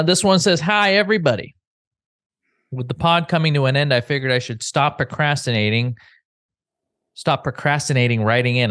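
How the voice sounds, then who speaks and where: A male podcast host reading listener letters aloud, halting and hesitant over names. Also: medium pitch, fairly bright tone, dry recording, clean studio sound.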